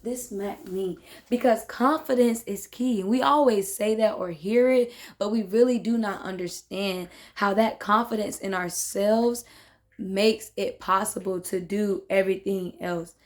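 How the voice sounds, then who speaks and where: A young adult woman hosting a casual book discussion, talking in a relaxed conversational way and often checking in with "right?" and "you know what I'm saying". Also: medium pitch, a little slow. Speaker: host of a self-love book discussion. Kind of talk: casual reflective talk.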